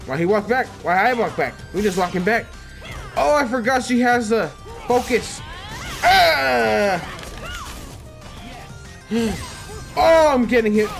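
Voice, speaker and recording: Excitable man reacting to a fighting game. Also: high-pitched, moderate pace, soft background music. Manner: excitable, reacts loudly to the fight with gasps and laughs. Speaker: let's player. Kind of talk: casual gameplay commentary.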